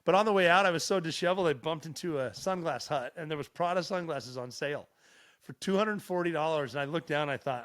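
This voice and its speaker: A man's voice: a little high, fast talker. A middle-aged man from Montana, a podcast guest telling stories in casual chat with plenty of swearing. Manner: profane, animated storyteller. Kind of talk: casual storytelling.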